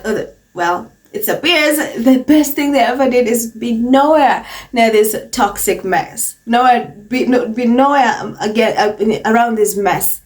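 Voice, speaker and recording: A woman's voice: on the high side, normal speed, recorded from a distance. A woman hosting a celebrity gossip commentary, mocking in tone, repeating phrases for emphasis. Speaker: commentary channel host.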